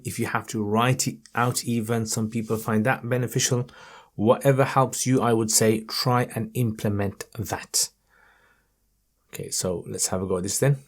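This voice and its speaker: Here a man teaches Quran reading online, chanting each verse slowly in a raised, melodic recitation tone for the student to follow. His voice is mid-range, and he offers patient encouragement throughout.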